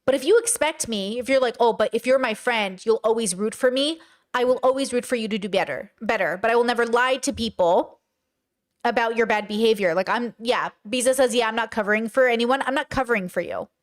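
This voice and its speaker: A young adult woman hosting a casual livestream commentary, blunt and animated, now and then slipping into silly voices and sung bits. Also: a little high, fairly quick. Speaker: podcast host and live streamer.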